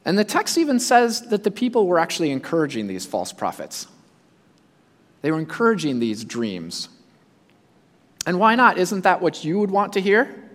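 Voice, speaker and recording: A male preacher giving a sermon, speaking in a high voice with a lot of movement in his pitch. He acts out the imagined voices of the people he talks about. His voice rings out with a long reverb, as in a large hall. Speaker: pastor.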